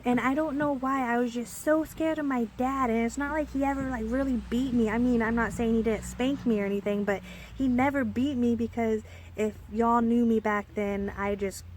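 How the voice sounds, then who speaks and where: A woman's voice: a little high, moderate pace, a little hiss or hum. Rambling young woman telling a story. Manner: rambling and animated, with many fillers and restarts. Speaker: storyteller vlogger. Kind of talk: casual storytime.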